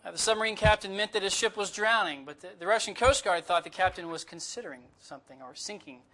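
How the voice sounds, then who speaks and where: Guest preacher, male, high and bright-toned, chatty sermon delivery read from notes. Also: expressive, fast talker. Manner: conversational, with humorous asides and disclaimers; reads closely from notes.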